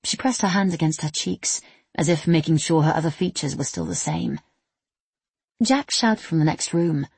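Low husky woman narrating a novel. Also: normal speed, a little mellow, dry recording. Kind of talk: audiobook narration.

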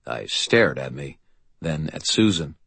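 A man's voice: rumbling low, animated, unhurried, creaky, fairly bright tone, breathy edge, no room sound. A man narrating a first-person audiobook with a dry, wry storytelling manner.

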